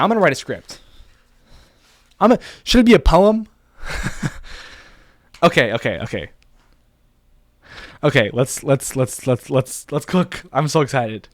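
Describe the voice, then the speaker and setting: A man's voice: on the high side, dry recording, studio quality. A young man vlogging casually, thinking aloud in a rambling, playful way. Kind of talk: casual talking to camera.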